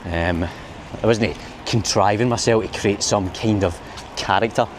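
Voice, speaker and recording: A man's voice: fairly low pitch, measured pace, a little hiss or hum. A man from Scotland with a Glaswegian accent, chatting and rambling as he walks the city streets at night for his vlog. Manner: chatty, rambling, laughs at own jokes. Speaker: vlogger. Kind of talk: casual walking vlog.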